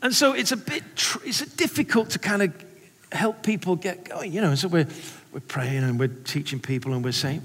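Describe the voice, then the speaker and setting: An English man preaching a sermon, animated and rhetorical, telling funny stories. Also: medium pitch, fairly quick, husky. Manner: animated, rhetorical, humorous storytelling. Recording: echoey hall reverb.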